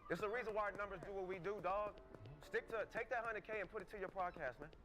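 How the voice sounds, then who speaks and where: A man's voice: sits high, steady tone, quick pace, fairly bright tone, soft background music. A man co-hosting a casual couch podcast, trash-talking and challenging someone, with lots of "like" fillers. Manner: confrontational trash talk, fillers of "like". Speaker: podcast co-host. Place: studio couch.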